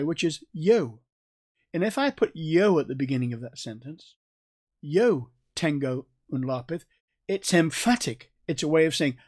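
A man with a North Staffordshire accent, reading scripture and preaching in a measured, emphatic teaching manner. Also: a little high. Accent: North Staffordshire English. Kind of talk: Bible reading and sermon.

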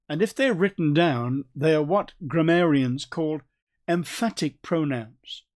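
A man with a North Staffordshire accent, reading scripture and preaching in a measured, emphatic teaching manner. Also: fairly high pitch. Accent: North Staffordshire English. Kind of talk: Bible reading and sermon.

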